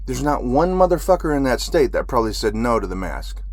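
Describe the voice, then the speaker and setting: A man's voice: medium pitch, very animated, a little fast. A man who is a military veteran, telling a story in an agitated, profane ranting monologue.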